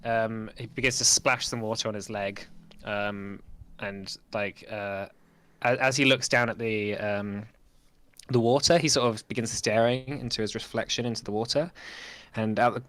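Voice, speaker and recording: A man's voice: fairly low pitch, fairly even intonation, moderate pace, fairly bright tone, no room sound. A man running a tabletop game as game master, narrating hesitantly with many fillers. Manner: hesitant, many ums and likes.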